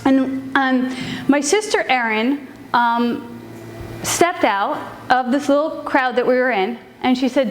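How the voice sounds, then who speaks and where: A woman telling a personal story to a live audience in an animated, casual way with frequent fillers. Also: sits high, takes it slowly, slight background noise.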